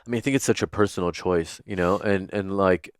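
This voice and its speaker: A man with a very deep, smooth, resonant voice tells stories as a podcast guest. He speaks in a chatty, earnest way full of filler words, and the dry close mic picks up no room. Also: fairly quick, no room sound. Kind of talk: casual storytelling in interview.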